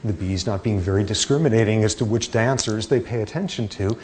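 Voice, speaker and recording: A middle-aged man giving a classroom lecture, animated and joking, his voice jumping higher for emphasis. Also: brisk, a little hiss or hum. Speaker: university lecturer.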